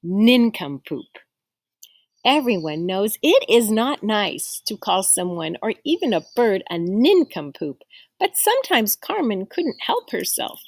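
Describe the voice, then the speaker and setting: A woman reading a picture book aloud to children, expressive, stopping to explain words and ask the listeners questions. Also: mid-range voice, a little slow, no room sound. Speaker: storyteller.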